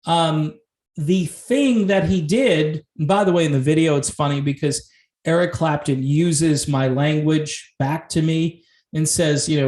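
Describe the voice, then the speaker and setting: Male host, fairly high voice, chatty and animated, roomy echoey sound. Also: measured pace. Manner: chatty and animated, laughing often, with frequent rhetorical asides. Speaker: host of a music commentary channel. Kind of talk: casual video commentary.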